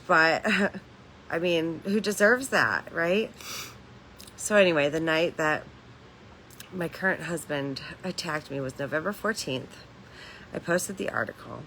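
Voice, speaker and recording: A woman's voice: sits low, sharp tone, a little hiss or hum, poor audio. A woman hosting a casual livestream from home, talking candidly in a rambling way, swearing freely and laughing between lines. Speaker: livestream host.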